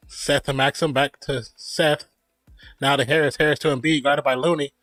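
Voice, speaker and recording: A man's voice: fairly high pitch, steady tone, takes it slowly, pauses often, a bit bright, no echo, faint music behind. A man streaming casual play-by-play of a basketball game, opinionated and jokey, laughing at his own remarks. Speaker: streamer giving play-by-play at a live watch party. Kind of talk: casual fan play-by-play commentary.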